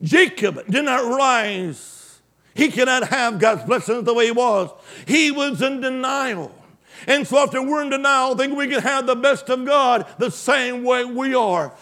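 High-voiced man preaching with fervor. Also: unhurried. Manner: emphatic call-and-response preaching; swings from loud exclamations to hushed asides. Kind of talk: sermon.

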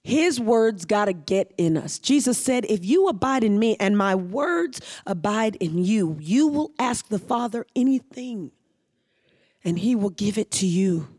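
A pastor preaching a sermon, reading scripture aloud and pausing to explain it, driving points home with repeated phrases. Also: mid-range voice, animated, a little mellow.

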